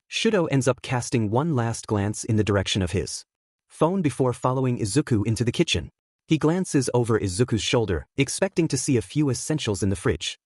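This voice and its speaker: A man narrating a fan fiction story aloud in a steady, even storytelling manner. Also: mid-range voice, brisk, slightly rough, no room sound, studio quality. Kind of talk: audiobook reading of fan fiction.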